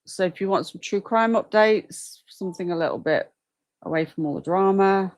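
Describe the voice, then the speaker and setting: A woman's voice: mid-range voice, moderate pace, dry recording. A woman hosting a casual livestream, chatting and reacting aloud to viewer comments at her desk mic. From United Kingdom. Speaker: livestream host.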